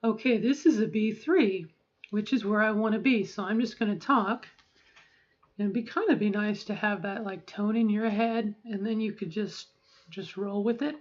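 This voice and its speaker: A middle-aged trans woman practicing a higher voice in a voice training vlog, speaking carefully and slightly tight as she monitors herself. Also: normal speed. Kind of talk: voice training practice, raised pitch. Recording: dull lo-fi recording.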